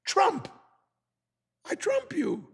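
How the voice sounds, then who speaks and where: A man voicing a scornful, boastful male angel of death who mocks loudly, in a high voice. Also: very animated, normal speed, gravelly, slightly rough, full character voice. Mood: mocking. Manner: mocking, high and loud.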